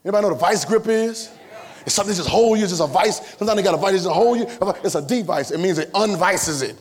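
Man, preacher, high voice for a man, fervent sermon, repetitive, colloquial, shouts then drops low. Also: fast talker. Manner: fervent, swings between shouting and hushed asides; repetitive, colloquial, talks to the congregation.

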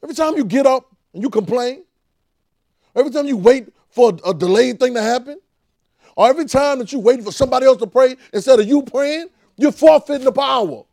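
A man's voice: very high voice, a little slow, gravelly, husky, no room sound, clean studio sound, voice pushed up, exaggerated voice. A man voicing Jesus, exasperated and scolding a believer with pleading, insistent repetition.

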